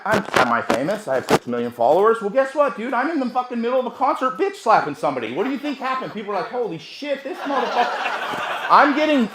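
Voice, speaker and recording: A man's voice: high voice, reverberant, noisy background. Brash profane man telling a story. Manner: brash, profane, swings from hushed asides to loud bursts. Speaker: sales trainer. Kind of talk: seminar storytelling.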